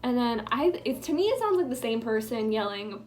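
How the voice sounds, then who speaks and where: Very animated and speaking at normal speed, a young woman vlogger with a high-ish, darkish-toned voice rambles through filler-heavy chat while doing her makeup at home. Now and then she drops into a whisper.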